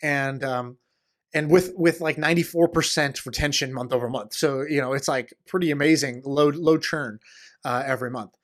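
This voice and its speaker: A man in a casual podcast interview, talking fast and eagerly with many fillers and restarts. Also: medium pitch, fairly even intonation. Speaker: podcast guest, entrepreneur.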